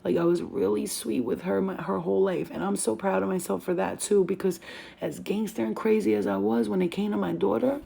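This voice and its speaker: Woman in her 30s vlogging, kinda gravelly and husky, slangy, cusses a lot, super animated. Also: mid-range voice, fairly quick. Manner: animated, slangy, swears freely. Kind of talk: casual storytelling to camera.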